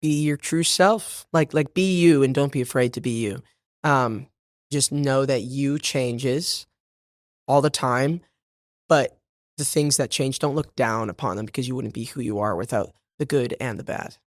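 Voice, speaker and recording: A young Boston stage actor, slightly accented, is a podcast guest in a casual interview, laughing often and talking in fillers and restarts. He speaks at a measured pace in a mid-range voice. The audio is studio quality with no echo.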